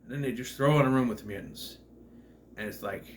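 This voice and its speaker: A man rambling through a casual spoiler review of a horror movie, forgetting character names and clearing his throat. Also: mid-range voice, fairly quick, slight background noise.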